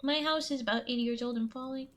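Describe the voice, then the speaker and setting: High-voiced woman livestreamer; anxious, laughs a lot, pleads and repeats words. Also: fairly even intonation, fast, a bit bright. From US Midwest. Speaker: streamer reading folktales. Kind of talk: casual live-stream chat.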